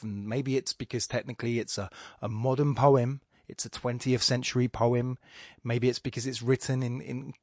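A man's voice: mid-range voice, no room sound, studio quality. A man hosting a poetry podcast, reading a poem aloud and talking about it in a rambling, digressive way that keeps interrupting itself. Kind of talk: casual commentary and poetry reading.

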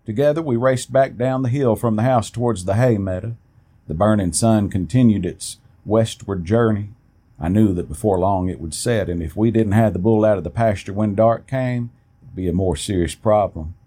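A man reading a first-person story aloud in a plain, steady way, with an occasional restart. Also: lowish voice, moderate pace, breathy edge.

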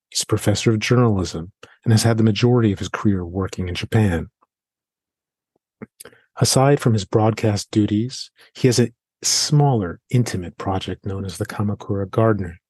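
Husky-voiced male interview host. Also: on the low side, moderate pace, darkish tone, no echo. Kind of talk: read introduction and casual interview questions.

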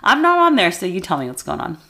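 A woman's voice: lowish voice, huge pitch swings, fast, vocal fry, pushed and bright. Congested woman hosting a playful chat. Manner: playful, laughs often, teasing. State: congested from allergies. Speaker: podcast host. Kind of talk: casual chat.

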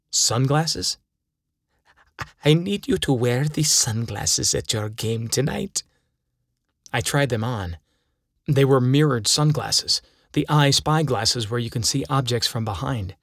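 A man's voice: medium pitch, fairly bright tone, no room sound, studio quality. A man narrating his own first-person story, reading it aloud dramatically. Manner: dramatic storytelling with acted quotes.

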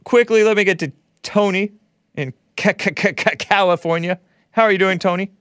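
A man's voice: sits high, moderate pace, smooth, dry recording, clean studio sound. Blunt, scornful man hosting call-in radio. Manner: blunt, combative, scornful, with short dismissive laughs. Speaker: call-in radio show host. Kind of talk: call-in talk radio monologue.

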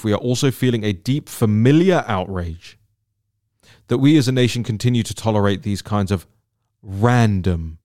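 A man with a fairly low, slightly mellow voice hosts a political commentary podcast solo, sounding indignant and emphatic. He often repeats words for stress as he builds his case, and the sound is dry and close with no room echo.

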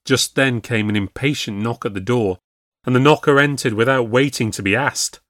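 A man narrating a ghost story in a measured storytelling way for a podcast. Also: mid-range voice, a bit bright, dry recording, studio quality.

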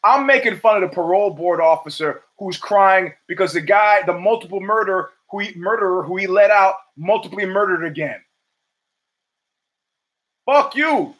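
Older guy hosting his own show, rambling and swearing a lot, kinda high voice for a man, jumps into little acted-out quotes. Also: a little fast, hardly any pauses. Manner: profane, rambling, animated storytelling with acted quotes. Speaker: podcast host. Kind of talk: casual monologue.

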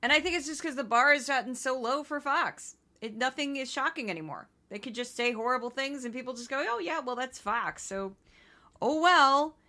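A woman from Missouri hosting a solo news-commentary podcast, talking in an indignant, conversational way with quick asides. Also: high voice, pushed and bright. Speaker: podcast host.

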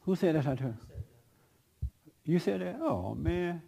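A man leads a group discussion as a preacher, in a fairly high voice. He talks in an emphatic, conversational way and laughs often between points. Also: animated, a little slow, gravelly, warm tone. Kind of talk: conversational sermon with audience questions.

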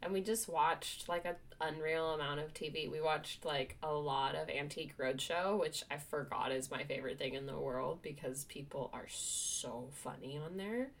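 A woman's voice: deep voice, normal speed, few pauses. A woman hosting a podcast in casual chat, self-mocking and full of fillers. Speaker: podcast host.

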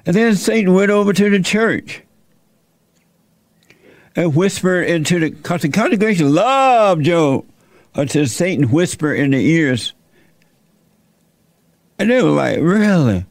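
Slow gravelly-voiced man preaching a story. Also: sits high, lively intonation, no echo. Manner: folksy, plainspoken retelling. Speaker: host and preacher. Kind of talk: sermon-like Bible storytelling.

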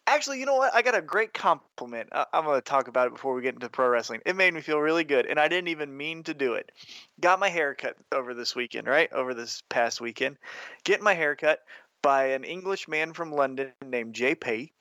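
A man's voice: fairly high pitch, lively intonation, brisk, bright, forceful tone, no room sound. A man co-hosting a podcast, chatting casually and telling a story in an upbeat way. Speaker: podcast co-host.

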